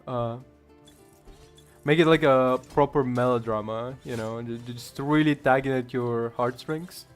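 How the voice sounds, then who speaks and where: A man's voice: medium pitch, fairly even intonation, a little slow, soft background music. A man from Ukraine with a Ukrainian accent, rambling through casual gameplay commentary, chuckling and swearing often. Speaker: gamer streamer.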